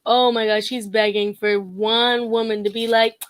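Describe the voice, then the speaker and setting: A woman's voice: a little high, fairly even intonation, normal speed, no room sound. A young woman vlogging casual commentary, sassy and blunt, laughing often as she mocks.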